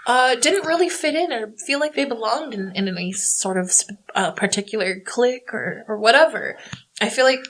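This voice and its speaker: A woman's voice: a little high, normal speed, fairly bright tone, low-quality recording. A woman co-hosting a casual movie review podcast, chatty and giggly, with lots of "like" fillers. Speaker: podcast co-host. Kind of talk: casual chat.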